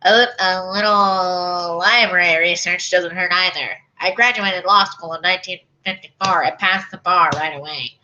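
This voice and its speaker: A woman's voice: lowish voice, steady tone, moderate pace, hardly any pauses, bright, forceful tone. A woman voicing a folksy, smug older male lawyer with a nasal voice, in a comedic fanfiction reading. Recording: dull lo-fi recording.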